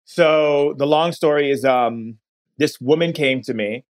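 On a podcast, a male guest recounts a personal story in an earnest, unhurried way, often slowing down to linger on words. His pitch sits fairly high.

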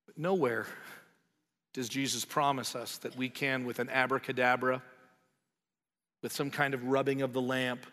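A man preaching a sermon with passion. He swells loud on emphatic lines, then drops low and quiet. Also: little pitch movement, normal speed, long pauses. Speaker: pastor. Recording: long hall reverb.

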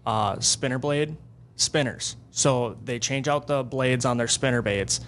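A man being interviewed as a guest angler. He tells fishing stories in an excitable, animated way. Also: mid-range voice, unhurried, a little hiss or hum. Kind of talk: casual storytelling interview.

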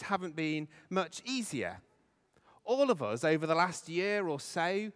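Vicar, casual hesitant sermon; bright-ish animated voice, long church echo. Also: male voice, on the high side. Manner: conversational, hesitant with fillers. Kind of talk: Easter sermon.

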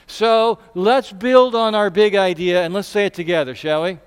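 A man preaching a Sunday sermon as pastor, talking conversationally and acting out quotes with sudden loud bursts. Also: high voice, expressive, normal speed, hardly any pauses, smooth. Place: church sanctuary. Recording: long hall reverb.

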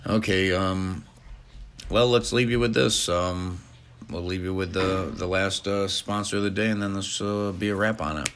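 A man's voice: fairly low pitch, unhurried, fairly bright tone. A man hosting a crude comedy podcast, offhand and full of swearing and fillers. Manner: profane, offhand, hesitant fillers. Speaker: podcast host.

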